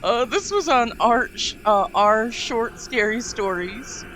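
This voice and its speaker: A woman's voice: a little high, expressive, slow pace, a bit bright, faint music behind. A woman hosting a casual live stream, giggly and effusive. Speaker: streamer host.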